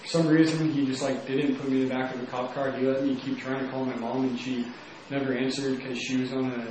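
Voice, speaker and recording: A young man from Texas tells his own story in a loose, rambling way, leaning on "like" again and again. His voice sits at an ordinary pitch for a man. He is heard from some distance in a very echoey room, with faint noise behind him. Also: level tone, quick pace, a little mellow. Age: young adult. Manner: casual, rambling, heavy use of "like". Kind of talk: personal testimony.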